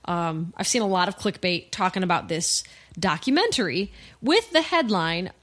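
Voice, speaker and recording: A woman's voice: lowish voice, very animated, a bit bright. A woman co-hosting a podcast in casual chat, teasing her co-host with playful questions. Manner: teasing, quick with jokes.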